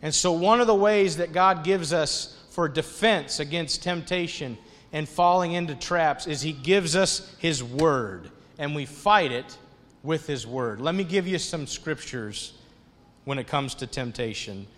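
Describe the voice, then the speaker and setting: A male pastor preaching a sermon, animated and conversational as he tells stories. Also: fairly high pitch, measured pace, in a large hall.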